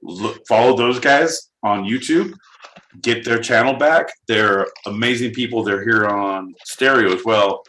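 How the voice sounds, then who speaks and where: A man co-hosting a podcast in casual chat, with crude and animated jokes. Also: lowish voice, measured pace, slight background noise. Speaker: podcast co-host.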